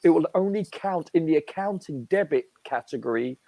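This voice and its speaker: Gravelly-voiced man explaining, dry sound. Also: a little high, expressive, normal speed, dark tone, no room sound. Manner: explanatory, repeats points. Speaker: panelist. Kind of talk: casual live stream chat.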